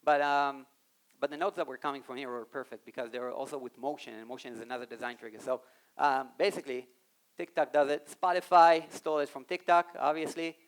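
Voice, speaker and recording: A man giving an animated live talk on a conference stage, speaking straight to the audience and acting out quoted voices. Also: medium pitch, a little fast. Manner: animated, addresses the audience directly.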